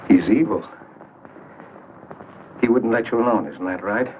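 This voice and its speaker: A man's voice: lowish voice, unhurried, close to an everyday voice. An actor playing a meek, lovesick older man who pleads and stammers, in 1940s film acting. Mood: pleading. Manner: hesitant, stammering. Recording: tinny noisy 1940s film soundtrack.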